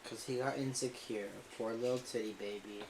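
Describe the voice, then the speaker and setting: A woman's voice: very deep voice, fairly even intonation, normal speed, a crowd in the background, poor audio. A woman co-hosting a podcast, making blunt remarks in casual chat. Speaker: podcast co-host.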